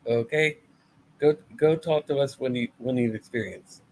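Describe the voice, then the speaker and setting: A man's voice: mid-range voice, moderate pace, poor audio. A man giving a casual, blunt and sarcastic review of a wrestling show, full of swearing.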